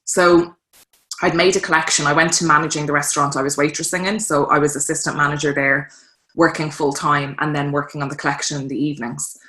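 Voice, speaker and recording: A woman's voice: sits low, quick pace, roomy sound. An Irish woman in her thirties telling stories in a casual interview, acting out quotes as she goes. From Ireland. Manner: lively storyteller, acts out quotes in voices. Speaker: guest, fashion designer.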